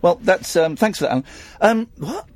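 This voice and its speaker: A man's voice: high voice, expressive, moderate pace, a little hiss or hum. A man hosting a radio show, bantering casually and teasing with incredulous outbursts.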